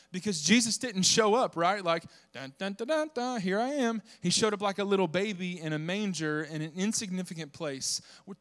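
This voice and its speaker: With a fairly high male voice, a young preacher from the southern US addresses his congregation with lively energy. Humor runs through his sermon, and he climbs into shouting whenever he wants to drive something home.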